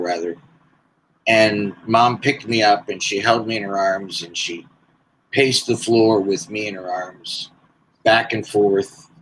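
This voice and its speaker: A man in his sixties telling his life story as a podcast guest, slow and deliberate with pauses. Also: on the low side, a bit bright, a little hiss or hum, poor audio. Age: 60s. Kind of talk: personal storytelling.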